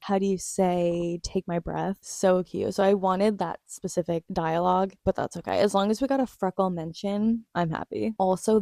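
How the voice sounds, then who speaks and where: Gushing young woman with a dark, mellow voice. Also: fairly low pitch, no echo, studio quality. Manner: gushing, animated, swears casually, laughs often. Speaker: vlogger recapping a TV episode. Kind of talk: casual excited recap chat.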